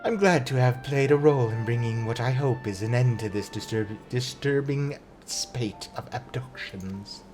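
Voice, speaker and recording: A man voicing a cool, scholarly female mage who speaks in a measured, formal way, with faint game music behind. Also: medium pitch, a little mellow, lightly acted.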